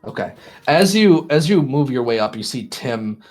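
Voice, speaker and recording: A man's voice: mid-range voice, animated, normal speed, a little mellow, soft background music. A man narrating a tabletop role-play as game master, describing scenes with restarts and self-deprecating asides.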